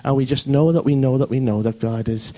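Lively preacher man checking in often. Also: mid-range voice, a little fast. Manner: lively, jokey, frequent "okay?" check-ins. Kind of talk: sermon. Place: church service.

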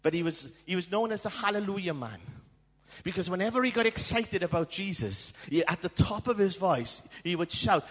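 A man preaching a storytelling sermon in a church, dramatic and swinging from hushed tones to shouting. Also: high voice, animated, a little fast. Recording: long hall reverb.

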